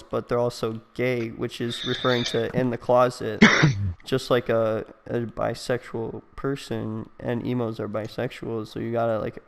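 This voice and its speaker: A man's voice: medium pitch, creaky. A young man hosting a game let's play, rambling and joking in casual chat, with lots of fillers. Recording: long echoey reverb.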